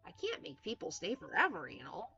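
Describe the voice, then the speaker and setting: A woman voicing a meek, pushover man who runs a camp, speaking low and soft. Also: wildly swooping pitch, brisk, creaky, exaggerated voice. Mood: apologetic. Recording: dull lo-fi with music.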